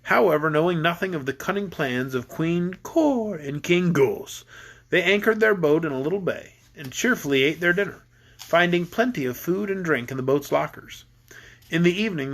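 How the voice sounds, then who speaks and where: A man's voice: on the high side, vocal fry, fairly bright tone. A man reading a children's book aloud to his kids, easygoing, sometimes stumbling and rereading.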